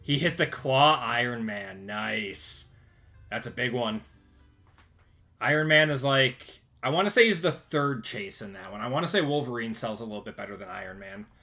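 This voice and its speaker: A man's voice: mid-range voice, animated, moderate pace, sharp tone, soft background music. A man hosting a casual livestream, upbeat and greeting viewers by name as they join. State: out of breath. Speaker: card break livestream host. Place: home.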